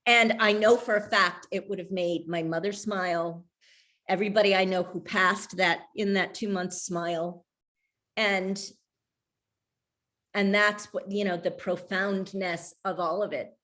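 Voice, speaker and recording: A woman's voice: mid-range voice, fairly even intonation, measured pace, a bit bright. Candid middle-aged woman telling her story. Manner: candid, hesitant with many fillers and restarts, laughing. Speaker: author discussing her memoir. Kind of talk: casual talk at a reading.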